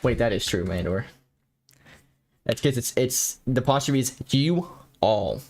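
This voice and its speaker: His mid-range voice has a darkish tone, and he speaks at a measured pace while staying animated. A young American streaming a horror game, he reads on-screen text aloud and chats loosely with his audience, drawling, cursing, and joking with chat.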